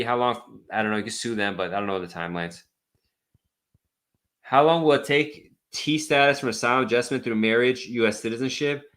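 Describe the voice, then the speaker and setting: Fast-talking blunt man answering questions live. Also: mid-range voice, a bit bright. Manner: blunt and exasperated, rambling with frequent ums. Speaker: immigration attorney hosting a live Q&A. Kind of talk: unscripted live stream, reading viewer questions aloud.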